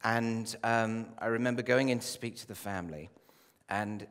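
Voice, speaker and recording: A man preaching a sermon as a pastor, with impassioned delivery that rises to loud pleading and drops low. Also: normal speed, smooth. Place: church. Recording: long hall reverb.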